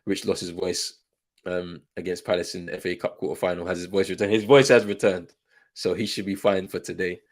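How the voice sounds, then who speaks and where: A man's voice: deep voice, fairly even intonation, a little fast. A man hosting a live football watchalong stream, chatting casually, calling the match and answering viewers' comments.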